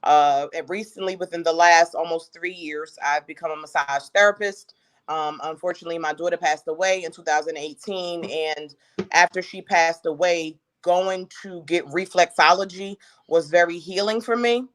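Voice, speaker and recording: Lively New woman, co-host on a casual livestream, slangy, bursts of speed. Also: lowish voice, moderate pace. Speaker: co-host and author.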